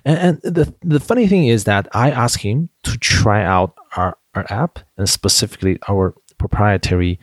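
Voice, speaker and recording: A man's voice: fairly low pitch, normal speed, hardly any pauses, dry recording. A man, a company founder, answering interview questions in a chatty storytelling way, full of fillers and restarts. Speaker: edtech founder, guest. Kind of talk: interview conversation.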